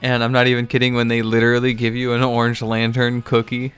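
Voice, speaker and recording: A man's voice: mid-range voice, monotone, fast, a bit bright, clear, resonant tone, faint music behind. Amused man recapping a comic. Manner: loose, amused, with frequent fillers. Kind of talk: casual comic book recap.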